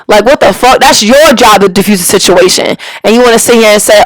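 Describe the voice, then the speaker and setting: A woman and parent tells a storytime as an angry, profane rant. Her talk is slangy and emphatic, and it jumps up in pitch at the peaks. The sound is dry and close, with no room echo. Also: a little fast, few pauses. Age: adult parent. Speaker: storyteller vlogger.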